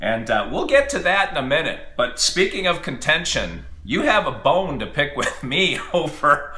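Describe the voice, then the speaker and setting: A man's voice: fairly high pitch, big pitch swings, normal speed, pushed and bright. A man co-hosting a podcast in casual comedic banter, jokey and self-deprecating, often laughing. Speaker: podcast co-host. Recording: roomy echo.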